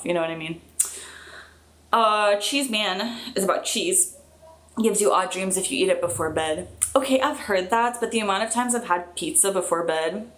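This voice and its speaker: A young woman chatting casually on a live stream, reading out viewer comments in a chatty, excitable way with fillers and quick laughs. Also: fairly low pitch.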